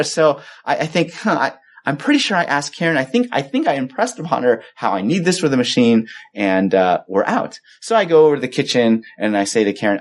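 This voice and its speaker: A man's voice: mid-range voice, fast talker, few pauses. A man preaching a sermon in a conversational, storytelling way, acting out the quoted exchanges. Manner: conversational storytelling, animated when quoting himself. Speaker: pastor.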